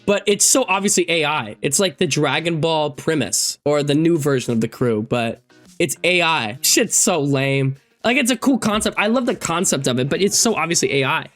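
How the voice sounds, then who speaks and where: A man around twenty, a gaming YouTuber casually reacting to forum posts, swearing freely and swinging between loud outbursts and low mutters. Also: lively intonation, moderate pace, soft background music. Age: 20s.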